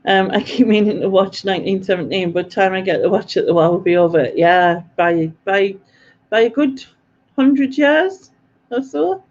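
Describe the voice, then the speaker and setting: A woman's voice: medium pitch, animated, normal speed, a little mellow, highs cut off. A woman hosting a live quiz stream, chatty and self-mocking, laughing often as she reads out viewer comments. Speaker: quiz host.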